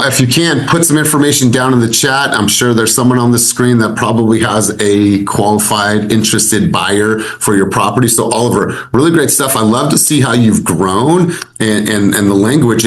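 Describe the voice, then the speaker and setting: A man leading a group coaching session on a video call, energetic and emphatic, repeating his key points. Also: mid-range voice, normal speed, hardly any pauses, poor audio. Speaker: sales coach.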